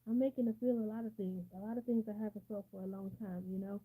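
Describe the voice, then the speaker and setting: A woman's voice: mid-range voice, fairly even intonation, fast, mellow, slightly rough, lightly acted, low-quality recording. A woman reading the part of an anxious middle-aged woman who hesitates and trails off. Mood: shaken. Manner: hesitant, trailing off mid-sentence.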